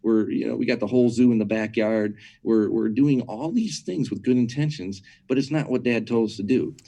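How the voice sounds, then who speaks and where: His voice sits on the low side, a little quick, creaky and warm. As a guest in an interview, he teaches about churches in an emphatic, chatty style, circling back over words to build a point and throwing rhetorical questions at listeners.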